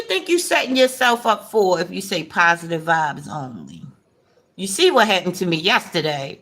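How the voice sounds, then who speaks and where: A woman vlogger, chatting during a mukbang with a playful, animated delivery and sudden high rises. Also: normal speed. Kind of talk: mukbang chat.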